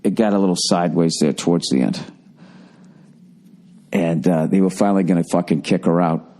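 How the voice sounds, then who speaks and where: A comedian in his forties with a Boston accent hosts a profane podcast monologue, his deep voice worn hoarse. He speaks briskly, ranting and telling stories with animated energy.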